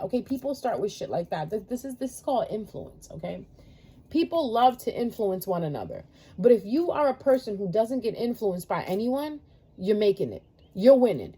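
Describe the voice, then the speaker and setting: A woman's voice: mid-range voice, mellow, slightly rough. A woman giving a blunt, profane and passionate horoscope talk as a tarot reader. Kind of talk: casual horoscope monologue.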